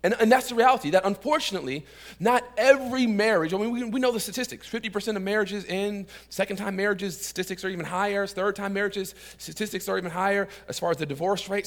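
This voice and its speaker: A male pastor preaching a sermon in church, joking and telling stories, calling on the congregation to answer back. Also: high voice. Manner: calls out to the congregation for responses; lively, joking storyteller.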